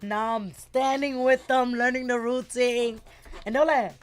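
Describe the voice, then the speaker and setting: A middle-aged woman, telling a lively story as a guest in a casual interview and acting out the voices of the people in it. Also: fairly high pitch, unhurried, clean tone. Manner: animated, acts out quoted voices, switches between English and Spanish words.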